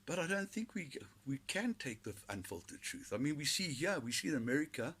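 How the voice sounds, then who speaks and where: A man's voice: on the high side, sing-song, a little fast, a bit bright, husky. A South African man hosting a podcast, rambling through sardonic, foul-mouthed commentary. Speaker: podcast host. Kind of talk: casual solo commentary.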